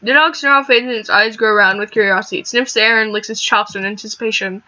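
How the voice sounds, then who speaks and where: Young woman reading a visual novel, animated, bit muffled mic. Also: mid-range voice, quick pace. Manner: animated, laughs and swears at the game. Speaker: let's play gamer.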